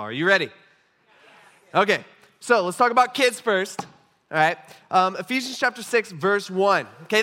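A man's voice: on the high side, bright, forceful tone. A man preaching a sermon in a casual, conversational way, often checking in with the congregation. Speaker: pastor.

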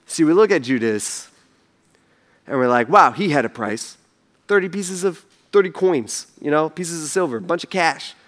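A man's voice: fairly high pitch, expressive, moderate pace. A man preaching a sermon in a casual, conversational, slangy way, telling the story with animation. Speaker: pastor.

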